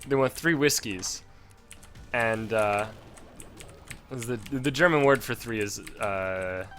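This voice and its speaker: A man's voice: on the low side, a bit bright. Rambling young man streaming a game. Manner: rambling, many fillers and restarts. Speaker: gaming streamer. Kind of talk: casual commentary while playing.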